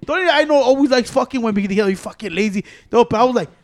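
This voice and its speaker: High, quick-talking man. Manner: profane, switches between English and Spanish mid-sentence. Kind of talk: casual chat.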